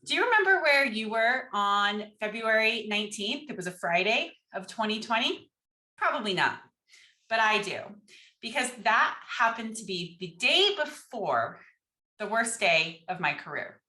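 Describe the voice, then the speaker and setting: A woman giving a conference keynote as a speaker, telling a story and acting out quoted dialogue with animated energy. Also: on the high side, unhurried, reverberant.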